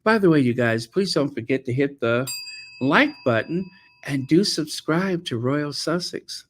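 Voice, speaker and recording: A man's voice: a little high, lively intonation, unhurried. A man hosting a commentary channel, talking in a sarcastic, mocking way. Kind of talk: casual commentary.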